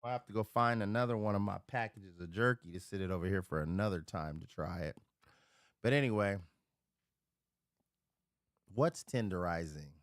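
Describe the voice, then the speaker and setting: A man on a casual livestream, drinking while he chats. He rants in profane, rambling bursts, swinging from loud outbursts to low mutters, speaking from home. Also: normal speed, pauses often, no echo, clean studio sound. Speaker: live streamer. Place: at home near a refrigerator.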